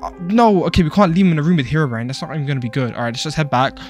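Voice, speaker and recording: A man's voice: on the high side, very fast, darkish tone, soft background music. A man doing frantic Minecraft role-play commentary, jumpy and casual, talking to in-game characters and calling them bro. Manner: casual slang, calls others bro. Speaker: gaming YouTuber.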